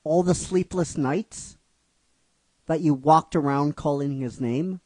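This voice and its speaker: A man's voice: a little high, slow, warm tone, dry recording. An exasperated older sister, put on by a man, fires off insistent, confronting questions in a raised, lifted voice. The sound is dry and close, with little room around it.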